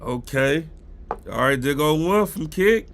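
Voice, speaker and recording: A man's voice: a little high, animated, measured pace, a bit bright, slight background noise. A man with a cold and a stuffy nose, chatting casually with his live-stream viewers about football news. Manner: chatty, greets chat viewers directly.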